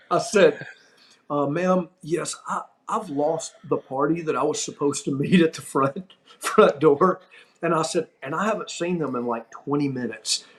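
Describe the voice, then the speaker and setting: Man, podcast host, storytelling, animated, laughs a lot, slightly high voice. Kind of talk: storytelling anecdote.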